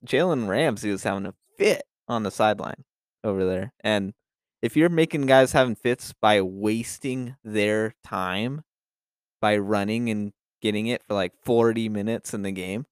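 A man's voice: fairly low pitch, clean tone, dry recording, clean studio sound. Casual, profane male sports podcaster. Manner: loose and profane, with frequent restarts. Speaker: podcast co-host.

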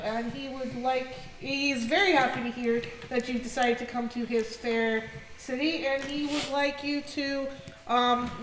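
Woman doing a stiffly polite male town guard. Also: high voice. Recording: echoey noisy room.

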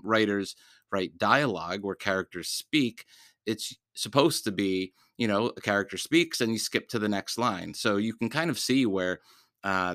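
A man's voice: fairly low pitch, sharp tone, dry recording. A man hosting a book podcast, chatting casually with lots of fillers and restarts, answering listener mail. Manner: chatty, rambling with many fillers. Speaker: podcast host reading books aloud; teacher.

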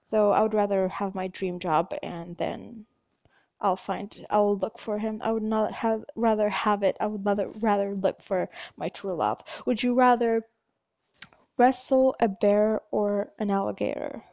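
Young woman, vlogger, loud, talkative, casual chat, dry close sound. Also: mid-range voice, unhurried, gravelly, dry recording, muffled recording. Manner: chatty, animated, loud and talkative. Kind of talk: casual chat answering would-you-rather questions.

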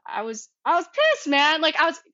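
A young woman in her twenties, a guest telling her story in a casual interview, animated and full of fillers, acting out the dialogue she quotes. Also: moderate pace, no room sound. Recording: muffled low-fidelity audio.

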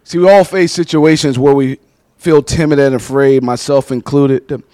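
Heard in a dry recording, a man with a mid-range voice speaks at normal speed, delivering a sermon through stories. He's animated and gives voice to the people he describes.

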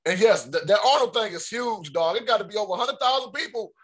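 Slangy high-voiced male host. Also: expressive, quick pace, a bit bright. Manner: friendly, slangy, asks loose questions. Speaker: podcast host. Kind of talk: casual interview chat.

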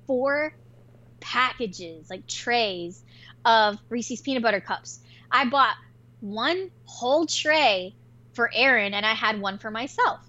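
Bright-voiced woman telling a fired-up story. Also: fairly high pitch, muffled recording. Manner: animated, profane, quick-tempered storytelling. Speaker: podcast co-host. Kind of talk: casual podcast chat.

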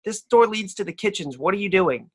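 A woman's voice: medium pitch, animated, a little fast, breathy edge, voice pushed up. A man voicing a suspicious, indignant female barmaid who scolds a trespasser.

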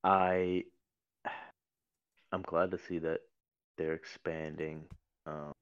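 A man's voice: deep voice, level tone, very slow, smooth, dry recording, muffled recording. A man talking casually about video games on a podcast, rambling with many fillers and restarts. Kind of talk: casual chat.

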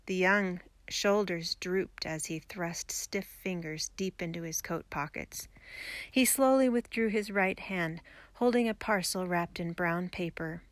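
A woman's voice: on the low side, unhurried, no echo. Woman reading a story, dry close sound. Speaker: audiobook reader. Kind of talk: storybook narration.

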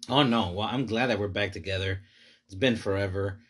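A young man with a slightly husky, breathy voice hosts a casual podcast with his friends. His talk rambles loosely and breaks into laughter often. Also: lowish voice, fairly quick, a bit bright. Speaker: podcast host. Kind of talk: casual chat.

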